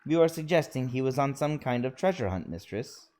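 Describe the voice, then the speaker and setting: A man voicing a dutiful robot servant who speaks formally and calmly while reading game dialogue aloud. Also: mid-range voice, a little fast, natural voice. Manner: formal, addresses "mistress".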